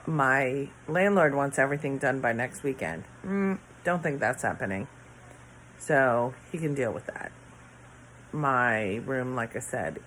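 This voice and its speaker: Late at night in her bedroom, a weary middle-aged vlogger chats loosely to the camera, sighing and yawning as her thoughts drift off unfinished. She has a very deep, slightly bright voice, and the rough recording carries a little background noise.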